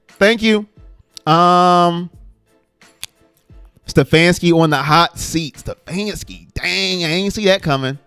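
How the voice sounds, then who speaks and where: A man's voice: high voice, slow, fairly bright tone, smooth, no echo, faint music behind. A man hosting a live fan show for a sports team, talking emphatically, repeating his points and reading out viewer comments.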